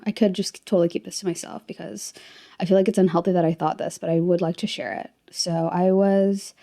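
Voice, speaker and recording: Young podcast girl rambling thru a story, kinda low voice, laughs a lot, says like constantly. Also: warm tone. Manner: chatty, candid, laughs often, lots of "like". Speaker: podcast host. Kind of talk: casual solo podcast storytelling. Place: lives in Florida.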